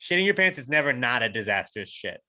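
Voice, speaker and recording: A man's voice: mid-range voice, very animated, fast, sharp tone. A man co-hosting a podcast, talking in loose, rambling casual chat. He runs himself down cheerfully and swears freely as he goes. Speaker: podcast co-host.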